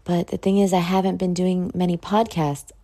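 A woman hosting her own podcast, just woken up and yawning, talking in a slow, reflective drawl with casual swearing. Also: lowish voice, little pitch movement, warm tone. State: sleepy, yawning. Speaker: podcast host. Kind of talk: casual solo podcast talk.

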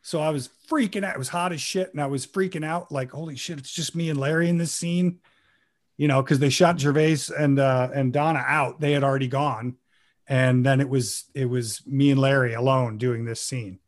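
A man who talks casually on a podcast, telling an animated, profane story about a scene he acted in. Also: medium pitch, moderate pace. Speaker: guest actor recalling a role.

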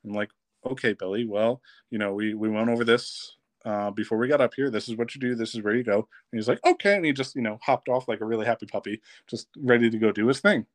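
A man, a guest on a podcast, tells a funny camp story in a lively, casual way and laughs as he goes. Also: fairly low pitch, quick pace, no echo. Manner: lively, laughs while telling stories.

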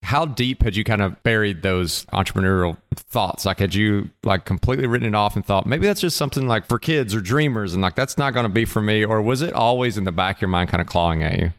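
A man's voice: lowish voice, fast, hardly any pauses. A man interviewing a guest, asking probing questions full of casual fillers.

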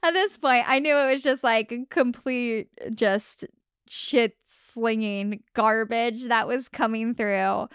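A young woman tells a story in a casual, animated way, often laughing and acting out what others said. Her voice sits a little high and comes through smooth and clear, close and dry with no room sound. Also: slow, dry recording. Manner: animated retelling with frequent laughs and acted quotes. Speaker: podcast host.

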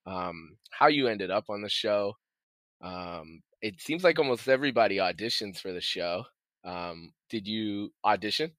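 A man's voice: lowish voice, pushed and bright, no room sound. A man hosting a casual interview, asking questions with many hesitations and friendly laughs. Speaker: podcast host.

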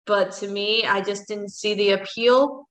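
A woman's voice: medium pitch, steady tone, unhurried, fairly bright tone, low-quality recording. A woman co-hosting a casual podcast chat, teasing with wry asides. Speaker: podcast co-host.

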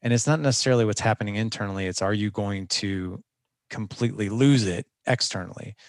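Man, gravelly, lowish voice, earnest coaching tone, interview chat. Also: a little fast, no echo, studio quality. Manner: earnest, coaching, with frequent restarts. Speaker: guest coach. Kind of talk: conversational interview.

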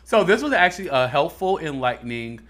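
A man's voice: a little high, big pitch swings, a little fast, a bit bright. A man co-hosting a podcast in a casual chat, teasing and reacting playfully. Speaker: podcast co-host.

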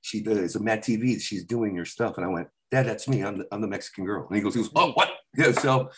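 A man's voice: lowish voice, fast, a little hiss or hum. A middle-aged man chatting casually, telling stories about his family with lots of acted-out dialogue. His voice jumps up and down as he slips into the other people's parts. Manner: animated storyteller acting out his dad's lines. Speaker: comedian guest. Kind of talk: casual storytelling chat.

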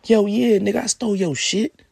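A man's voice: high voice, normal speed, vocal fry, darkish tone, slightly rough, no echo, studio quality, pitched above the performer's own voice, heavily acted. A man voicing a brash, unrepentant young man who talks in a profane, boastful way. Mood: defiant.

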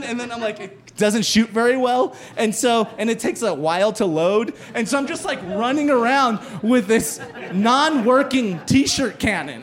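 Animated, high-voiced comedian man telling a story. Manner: animated, profane, shouts in quoted voices. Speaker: stand-up comedian. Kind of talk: live storytelling performance. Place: live stage show.

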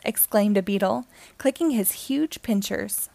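A woman reading a children's picture book aloud, telling the story in a gentle, expressive way. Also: medium pitch, a little slow, creaky, few pauses, no room sound.

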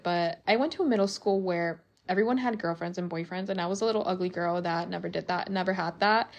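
A woman in her twenties hosting a casual solo podcast, candid and chatty, swearing freely and using lots of fillers. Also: mid-range voice. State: out of breath. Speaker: podcast host. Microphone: podcast mic, partly faulty.

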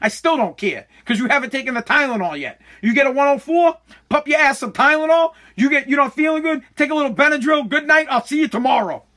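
A high-voiced man tells a story in a casual, profane rant. His voice is bright and edgy, and he slips into mock voices for the people in his story with open exasperation. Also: fast. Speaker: father telling a story.

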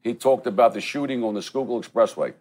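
A man's voice: mid-range voice, fast talker, a little mellow. A middle-aged man, telling stories bluntly and swearing freely in a casual chat at a restaurant. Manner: profane, blunt, street-talking. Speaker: podcast co-host.

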